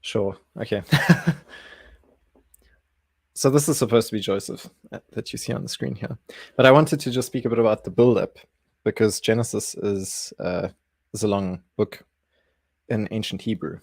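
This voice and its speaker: A man's voice: fairly low pitch, moderate pace, gravelly, slightly rough, no echo. A man hosting a casual livestream Bible study, easygoing and chuckling, often restarting his sentences.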